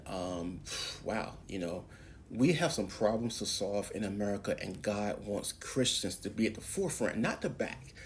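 A man's voice: lowish voice, slight background noise. A man hosting a preaching podcast, speaking in an emphatic, preacherly way and pushing his voice up on key words. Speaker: podcast host.

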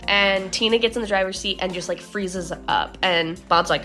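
A woman's voice: medium pitch, fairly quick, hardly any pauses, fairly bright tone. An upbeat young woman talks through a daily devotional in a loose, chatty way, often saying "like." Her voice sits in the middle range. Faint music plays behind her. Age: young adult. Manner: chatty, upbeat, uses "like" a lot. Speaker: podcast devotional host. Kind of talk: casual devotional talk.

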